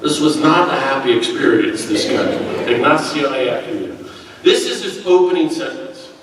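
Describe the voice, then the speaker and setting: A man's voice: medium pitch, normal speed, noisy background. A man from the United States giving a keynote speech as a priest, telling stories with self-deprecating humor and acting out quotes. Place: large echoey hall. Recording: echoey hall from far off.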